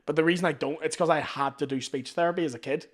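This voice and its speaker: Belfast guy, kinda high voice, hits his consonants hard, jokey chat. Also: steady tone. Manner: crisp, deliberate consonants, jokey. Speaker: guest. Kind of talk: casual chat.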